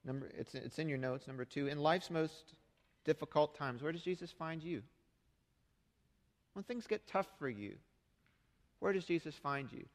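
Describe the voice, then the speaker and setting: A man's voice: a little high, big-room sound. A middle-aged man preaching a sermon as pastor, speaking conversationally and asking the congregation rhetorical questions. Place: church sanctuary.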